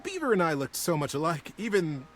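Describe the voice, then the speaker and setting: A man voicing a genial, ever-smiling male beaver stranger in a storybook reading, warm and hearty. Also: on the high side, big pitch swings, a little fast, faint music behind, pitched above the performer's own voice.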